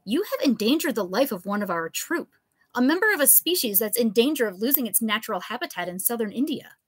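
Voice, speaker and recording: A fierce young woman laying into someone with crisp, indignant scolding, as a woman reader plays her. Her pitch rises and falls a lot, and the sound is dry and close. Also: sing-song, fast talker, no room sound. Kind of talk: live fiction reading.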